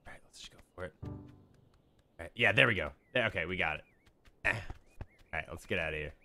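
A young man giving casual, profanity-laced commentary while playing a game, with lively stretches of storytelling. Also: deep voice, quick pace, soft background music. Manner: swearing, animated storytelling. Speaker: streamer.

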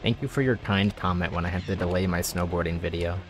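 A man's voice: deep voice, fast. A man streaming and chatting with viewers, joking and mocking himself, often laughing. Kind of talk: casual live-stream chat. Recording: music playing behind. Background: music.

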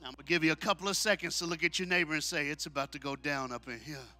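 A man preaching a sermon at a men's conference, shouting call-and-response lines and dropping into low, quick asides. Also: fairly even intonation. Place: church hall at a men's conference.

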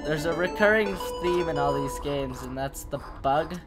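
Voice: medium pitch, moderate pace, loud music behind the voice. A gamer giving rambling, jokey commentary while playing through a game. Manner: jokey, rambling self-talk. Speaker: gaming commentator. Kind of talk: let's play commentary.

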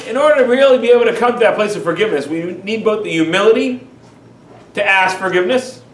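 A rabbi gives an animated, emphatic lecture, firing rhetorical questions at his listeners. His voice is high for a man. The recording is roomy and echoey, with the mic well away from him. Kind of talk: lecture on Jewish teachings. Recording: echoey room, far from mic.

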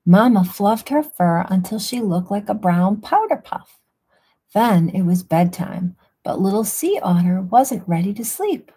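A woman reading bedtime picture books aloud in a soft, hushed, soothing voice. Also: medium pitch, animated, unhurried, breathy edge. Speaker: storyteller. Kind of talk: quiet bedtime story reading.

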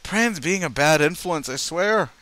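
A man's voice: a little high, expressive, a little slow, bright, forceful tone, dry recording. A young man commentating as he plays a video game, sarcastic and exasperated, swearing freely. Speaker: gaming video host. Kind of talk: let's play commentary.

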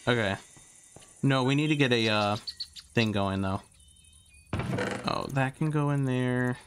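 Young man, casual gameplay commentary, rambling, mid-pitched voice, faint hiss behind. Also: unhurried. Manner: rambling, talks to himself while sorting items, trails off with fillers; excitable, yells taunts when a fight starts. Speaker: gaming YouTuber.

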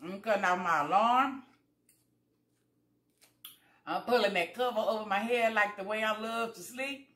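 A woman's voice: medium pitch, unhurried, long pauses, sharp tone, echoey room. A woman chatting casually to viewers while eating, telling folksy stories and acting out both sides of conversations. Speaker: vlogger. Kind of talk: casual eating vlog chat.

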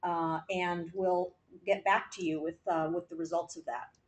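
A woman's voice: on the low side, fairly even intonation, measured pace, rough recording. A woman giving a staff update at a board meeting, with many fillers and restarts. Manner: rambling with many fillers, laughs easily.

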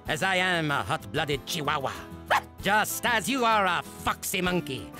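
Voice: mid-range voice, lively intonation, a little slow, natural voice. An actor voicing a theatrical older male martial-arts master who sprinkles in mock-Spanish words. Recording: cartoon music behind.

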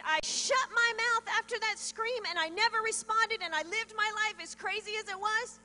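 High, bright woman giving a testimony. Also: moderate pace, hardly any pauses. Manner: emotional, earnest storytelling. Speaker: pastor's wife giving testimony. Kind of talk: testimony sermon. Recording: long hall reverb with mains hum.

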